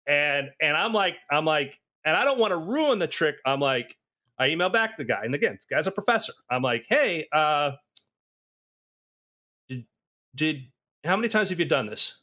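Guy with a bright punchy voice, slightly high, telling stories in a casual chat and doing the voices of people he quotes. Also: moderate pace. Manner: animated storyteller, acts out quotes with big pitch swings. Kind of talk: casual conversation.

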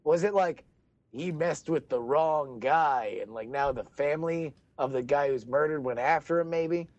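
A man doing comedic improv, firing off jokey questions in quick banter. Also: fairly high pitch, a little mellow, no room sound, highs cut off. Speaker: improv player.

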